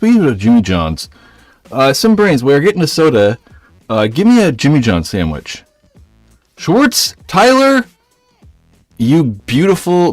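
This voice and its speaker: A man's voice: medium pitch, darkish tone, no echo. A man hosting a casual live stream, rambling and joking as he reads out viewers' messages, a little out of breath. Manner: rambling, jokey, reads chat aloud.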